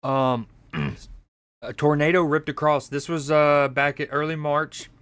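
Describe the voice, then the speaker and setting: A man's voice: on the high side, measured pace, a little hiss or hum. Chatty man reacting to clips on stream. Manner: relaxed, chatty, talks to his chat.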